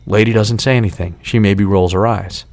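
A man's voice: lowish voice, steady tone, a little fast, a little mellow, dry recording. A man in his forties, a podcast host, telling a story in a casual, profane and exasperated way.

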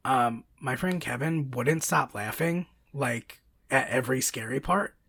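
Brief: excitable podcast co-host, woman, raspy with fry. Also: rumbling low, unhurried, no echo. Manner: excitable, chatty, many fillers and restarts. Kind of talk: casual chat.

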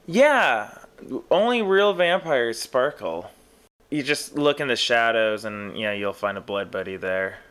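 A man's voice: medium pitch, big pitch swings, a little slow, a bit bright, smooth. A man co-hosting a podcast, chatting with wry, grumbling jokes. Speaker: podcast co-host. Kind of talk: casual podcast chat.

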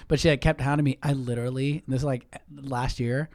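A man hosting a podcast in casual chat, telling stories with lively mimicked voices. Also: medium pitch, a little fast, no room sound, studio quality. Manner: animated storyteller, mimics voices in quotes. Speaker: podcast host.

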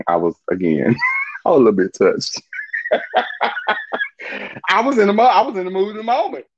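A man tells a story in a lively, swooping voice, full of slang, swearing and frequent laughter. The recording is dry and a little muffled. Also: fairly low pitch, husky, no room sound. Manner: animated, profane, laughs often. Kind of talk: casual storytelling monologue.

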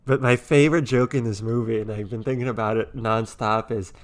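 A man's voice: mid-range voice, fairly even intonation, brisk. Enthusiastic man rambling about movies. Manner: enthusiastic, rambling, trails off softly. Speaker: podcast co-host. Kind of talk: casual film discussion.

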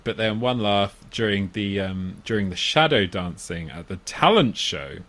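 A man's voice: expressive, moderate pace. A man co-hosting a casual chat about a comedy film, amused and often laughing. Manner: amused, acts out quoted lines in loud squeaky voices. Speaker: podcast co-host.

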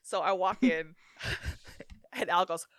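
A woman chatting casually as a podcast co-host, telling an animated story full of "like" fillers. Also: lowish voice, slow pace, dry recording, studio quality. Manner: chatty and animated, many "like" fillers, bursts of laughter.

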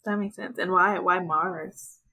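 A woman's voice: fairly low pitch, steady tone, measured pace, creaky, bright, forceful tone, slight background noise. A young woman hosting a podcast, chatting in a friendly, enthusiastic way. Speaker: podcast host. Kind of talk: casual chat.

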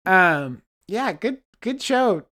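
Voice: mid-range voice, very animated, drawn-out words, pushed and bright. A podcast co-host in crude, giggly casual chat, swearing heavily.

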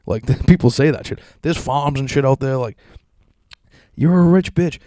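A man's voice: mid-range voice, normal speed, mellow, dry recording, studio quality. A young man from Massachusetts, ranting on a podcast in a crude, sarcastic, swear-heavy monologue.

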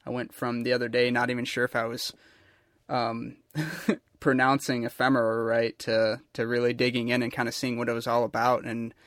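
A man's voice: mid-range voice, flat delivery, moderate pace, fairly bright tone, dry recording, clean studio sound. A man interviewing a guest in a casual chat, rambling enthusiastically.

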